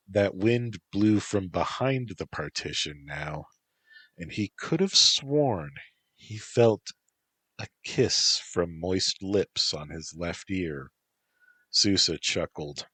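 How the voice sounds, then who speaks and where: A man narrating a story in a calm, even storytelling manner. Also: low voice, takes it slowly, husky, dry recording.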